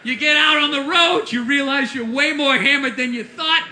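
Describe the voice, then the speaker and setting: A man doing a stand-up comedy rant, profane and exasperated, bursting into shouts. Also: very high-pitched, moderate pace, roomy sound, a little hiss or hum.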